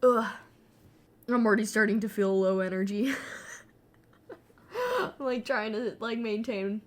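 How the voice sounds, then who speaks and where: A woman's voice: medium pitch, fairly even intonation, moderate pace. A young adult woman chatting casually while she paints, rambling with lots of fillers and swearing freely. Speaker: artist and vlogger.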